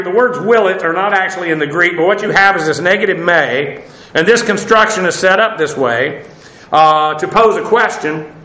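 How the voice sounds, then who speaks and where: A man teaching a verse-by-verse Greek text lesson, halting with many fillers and restarts and spelling words out letter by letter. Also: on the high side, pushed and bright, echoey room, poor audio. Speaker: Bible teacher.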